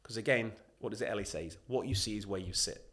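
A man talking as a guest on a podcast interview, emphatic and animated, acting out what other people say as he makes his points. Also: lowish voice, brisk. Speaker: podcast guest, leadership consultant.

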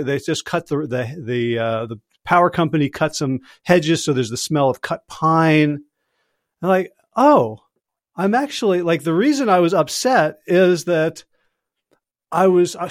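Speaking at a fairly high pitch, a male podcast guest who works as an executive coach chats casually and thoughtfully. He chuckles a lot and his storytelling is loose. The audio is clean studio sound with no echo.

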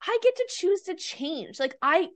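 High-voiced earnest young woman. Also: very animated, measured pace, fairly bright tone. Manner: upbeat, earnest, many fillers like "like". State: tired and nauseous. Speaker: podcast guest, mindset coach. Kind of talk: casual interview chat.

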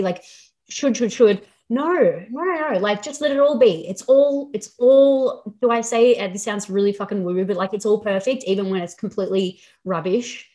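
A woman's voice: mid-range voice, a little mellow. Sweary, candid woman podcast host. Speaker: podcast host, fitness coach. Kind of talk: casual podcast chat.

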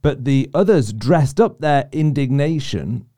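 A man's voice: mid-range voice, lively intonation, a little slow, warm tone. A man co-hosting a casual faith discussion, reflective and often restarting his sentences. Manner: reflective, self-interrupting. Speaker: podcast co-host.

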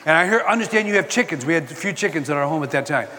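An older man giving a sermon-style talk, telling personal stories and quoting scripture in an animated way. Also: a little high, very fast, long reverb tail. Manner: animated storytelling, quoting scripture and acting out exchanges. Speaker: Christian speaker.

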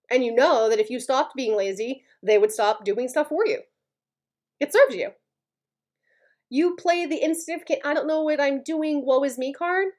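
A woman's voice: a little high, darkish tone. A woman hosting a motivational podcast, talking bluntly and with heated emphasis, and often checking in with "okay?" and "right?". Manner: gets worked up, speaks with heated intensity. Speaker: podcast host.

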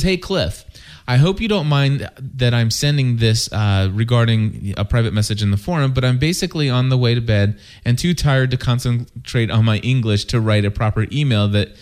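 A man's voice: medium pitch, a little mellow. Guy cohost reading out fan emails, stops and restarts a lot. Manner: halting, with restarts. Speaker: podcast co-host. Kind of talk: reading listener emails aloud.

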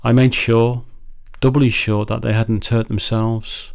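A man's voice: mid-range voice, little pitch movement, unhurried, vocal fry, darkish tone. A man hosting a podcast, telling a personal story in a reflective way with hesitant restarts. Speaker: podcast host.

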